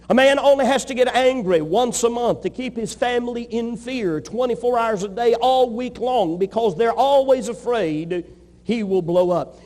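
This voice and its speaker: Male pastor, high voice, emphatic repetitive preaching, long hall reverb. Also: darkish tone. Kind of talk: sermon.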